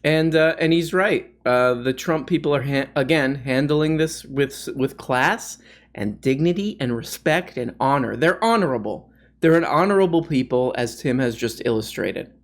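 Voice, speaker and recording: A man's voice: mid-range voice, animated, moderate pace. A man hosting a comedic commentary video, sarcastic and often laughing as he riffs on clips.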